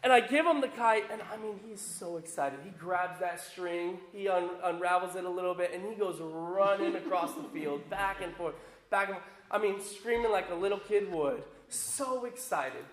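A pastor, a man with young children, giving an emphatic, animated sermon mixed with a personal story. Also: high-pitched, moderate pace. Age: adult with young children. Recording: roomy echo.

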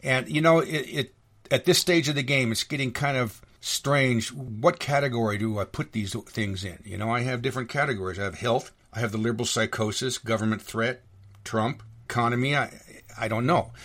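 A middle-aged American man delivers a solo podcast monologue. He talks in an indignant, rambling rant, full of restarts and sarcasm. His voice sits at an ordinary middle pitch for a man. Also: moderate pace, fairly bright tone. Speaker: podcast host.

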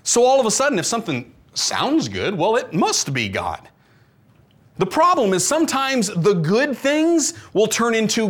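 A man preaching a conversational sermon as a pastor, animated and full of rhetorical questions. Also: high voice.

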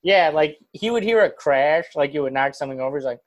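A man's voice: on the high side, animated, fast talker. A man co-hosting a podcast, chatting animatedly and mimicking a stern parent. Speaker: podcast co-host. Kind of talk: casual family chat.

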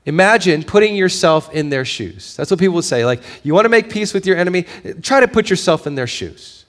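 A male pastor giving a sermon, moving between quiet storytelling and raised, emphatic preaching, with a conversational habit of asking "right?". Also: high-pitched, animated, brisk. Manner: conversational, with fillers and frequent "right?".

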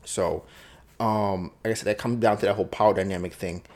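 A man's lowish, steady, slightly mellow voice moves at a brisk clip as he hosts his podcast solo. He reflects casually on his thoughts, often repeating himself and taking on both sides of an argument.

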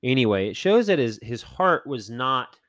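A man's voice: mid-range voice, sing-song, moderate pace, a bit bright, dry recording. A man hosting a podcast, casually talking through Bible stories and acting out the characters in playful voices, with plenty of fillers and self-corrections. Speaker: podcast host.

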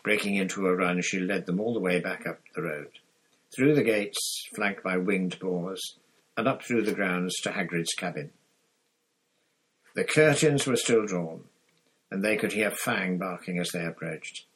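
A man reading a novel aloud in steady storytelling, with the odd slip. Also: low-pitched, unhurried, breathy edge, poor audio. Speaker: audiobook reader.

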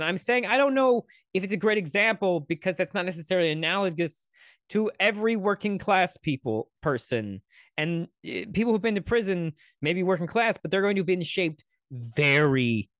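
Sarcastic, swearing man with a high voice. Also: fairly bright tone, no echo, studio quality. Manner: profane, rambling, sarcastic asides. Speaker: commentary host. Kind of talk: casual reaction commentary.

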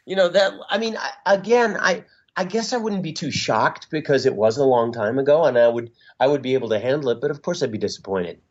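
Reflective middle-aged man, dull audio. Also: medium pitch. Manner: halting, reflective, with frequent fillers and restarts. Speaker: musician guest. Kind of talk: casual interview talk. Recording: dull lo-fi sound.

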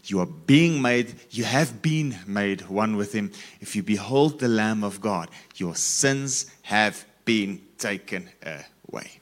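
A man's voice: fairly low pitch, slow, few pauses. A man preaching a sermon, repeating phrases and stressing key words as he reads scripture.

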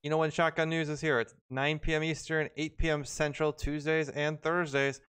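A man's voice: fairly high pitch, flat delivery, moderate pace, a bit bright, clear, resonant tone. A man hosting a live-streamed show, chatting casually and laughing often. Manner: laid-back, laughing often. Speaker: podcast host.

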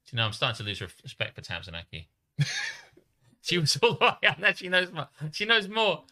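An English man co-hosting a relaxed chat, swinging his pitch all over as he tells stories and laughs. His tone is very bright and cutting, and he often breaks into laughter or squeaky mock voices. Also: fairly quick. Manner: animated storyteller, often laughing, jumps into high mock voices. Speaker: podcast co-host. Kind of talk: casual banter with laughter.

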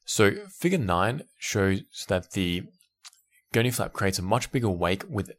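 Deep-voiced man hosting a science podcast. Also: animated, a little slow. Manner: enthusiastic, explanatory, occasional restarts and laughs. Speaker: podcast host. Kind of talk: educational podcast talk.

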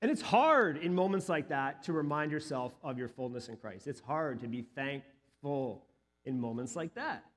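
A man's voice: a little high, animated, moderate pace. A male pastor in his thirties or forties giving a sermon, telling a personal story earnestly and building to emphatic peaks.

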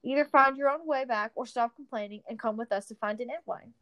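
A woman's voice: on the high side, brisk, dry recording, lo-fi sound, lightly acted. A woman reading a storybook, voicing a bossy, impatient young hobbit boy who grumbles and snaps. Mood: defiant. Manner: grumbling and snappish.

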